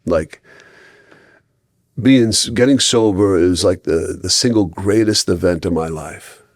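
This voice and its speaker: A middle-aged man, a guest on a podcast, tells stories casually in a rambling way, with many restarts and lively quoted voices. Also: low voice, unhurried, no room sound, clean studio sound.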